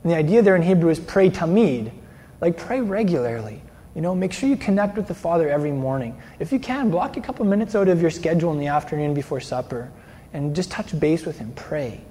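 A man's voice: fairly high pitch, animated, brisk, mellow. A man preaching a sermon in a conversational way, often ending lines with "eh?" or "right?". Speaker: pastor. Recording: long hall reverb.

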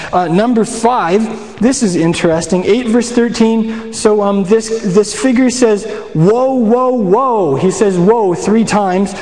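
A man's voice: high voice, dark tone. A man preaching a casual sermon, chatty and asking the audience questions. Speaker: pastor. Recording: echoey hall.

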